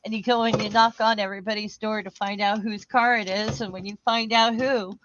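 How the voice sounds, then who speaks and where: A woman's voice: medium pitch, fairly even intonation, fairly quick, a bit bright. A woman joining a casual chat, giving short reactions and then telling her own story. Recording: dull lo-fi line with faint noise.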